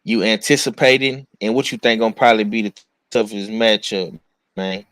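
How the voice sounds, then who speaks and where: Laid-back low-voiced host. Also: male voice, moderate pace, fairly bright tone, no room sound. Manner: laid-back, drawling, repeats himself. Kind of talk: casual sports chat.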